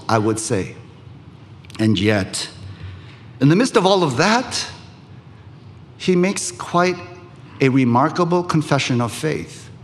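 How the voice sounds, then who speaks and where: Man, pastor, sermon, slow measured delivery, long hall reverb. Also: a little high. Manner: measured preaching with emphatic pauses.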